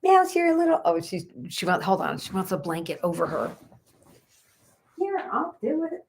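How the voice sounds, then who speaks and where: A woman's voice: medium pitch, big pitch swings, normal speed, vocal fry, darkish tone, slightly rough. A woman who practices Reiki, chatting casually on a livestream at home at night and cooing to her dogs in baby talk.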